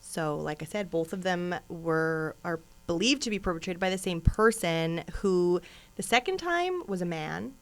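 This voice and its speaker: A woman's voice: lowish voice, lively intonation, normal speed. A woman co-hosting a true crime podcast in casual, chatty talk, rambling into asides and laughing often. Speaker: podcast co-host.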